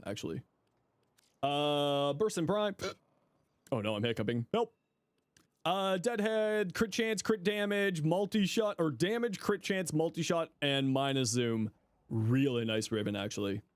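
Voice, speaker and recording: A man's voice: medium pitch, no room sound. A man giving casual livestream commentary, thinking aloud with frequent fillers while he gives friendly advice to viewers. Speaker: streamer reviewing viewers' game builds.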